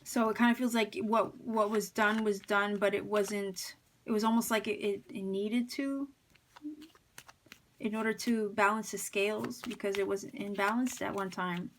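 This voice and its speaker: Woman, tarot reader, slight lisp, middle pitch, musing, hesitant, lots of fillers. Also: fairly even intonation, normal speed, a little hiss or hum. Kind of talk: pick-a-card tarot reading.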